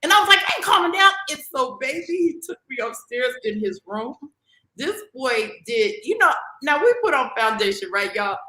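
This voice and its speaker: Lively high-voiced woman telling a story. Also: moderate pace, echoey room, rough recording. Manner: animated, acts out quoted dialogue. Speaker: guest. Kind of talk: casual storytelling.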